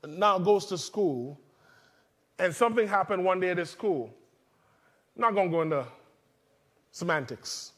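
High-voiced man preaching a chatty sermon. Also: fairly bright tone. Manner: conversational storytelling, humorous asides to the congregation. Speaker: father.

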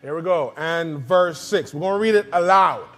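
A pastor preaching in a church, leading the congregation in call-and-response and repeating phrases slowly. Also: male voice, a little high, a bit bright, faint music behind. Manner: slow, drawn-out delivery with repetitions. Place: church sanctuary.

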